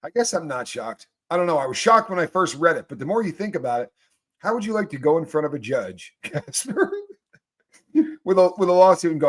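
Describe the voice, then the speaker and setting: A man's voice: fairly high pitch, expressive, fairly quick. A man hosting a live morning stream, chatting casually, joking and greeting viewers by name. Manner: loud, joking, reads chat names aloud. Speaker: host of a live morning show.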